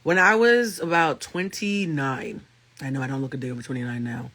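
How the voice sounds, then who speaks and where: A man with a thick, raspy voice, a life coach and tarot reader chatting casually with viewers on a livestream and telling stories with freely dropped swear words. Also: medium pitch, fairly quick. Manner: animated storyteller, swears freely.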